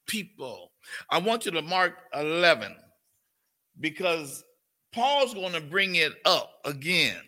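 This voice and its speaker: An older pastor teaches a Bible study sermon in a folksy style, calling on his listeners and sometimes slipping into a cooing grandparent voice. His voice is fairly high-pitched, animated, and sharp-toned, with an unhurried pace.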